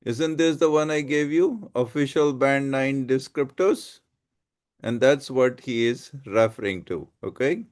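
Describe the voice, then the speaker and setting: Male teacher in a classroom, slightly higher voice, talks slowly and quizzes the class. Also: expressive, darkish tone. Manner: questions the class, slow and deliberate. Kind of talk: classroom lesson.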